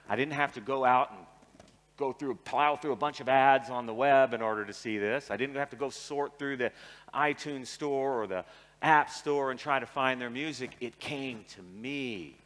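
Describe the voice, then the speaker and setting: A man's voice: mid-range voice, moderate pace, a bit bright. A middle-aged man from Seattle giving a conference keynote, irreverent and joking, acting out little dialogues. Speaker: keynote speaker. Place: large arena. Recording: arena reverb.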